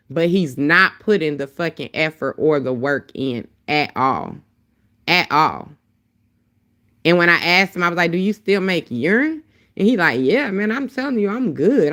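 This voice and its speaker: A woman with a deep voice and a dry throat, talking bluntly and heatedly in a casual livestream chat on her phone. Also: pushed and bright. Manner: blunt, profane, heated storytelling. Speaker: livestream host.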